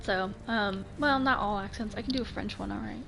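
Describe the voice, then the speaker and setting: A woman's voice: mid-range voice, brisk, creaky, a bit bright, a little hiss or hum. An American woman in her late twenties, co-hosting a casual gaming chat with sarcastic, joking banter. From United States. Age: late 20s. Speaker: co-host.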